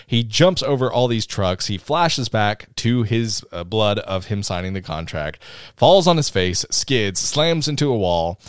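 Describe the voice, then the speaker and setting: A man co-hosting a casual podcast, recapping a film in a jokey, animated way. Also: fairly low pitch, a little slow, smooth, no room sound, studio quality. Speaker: podcast co-host.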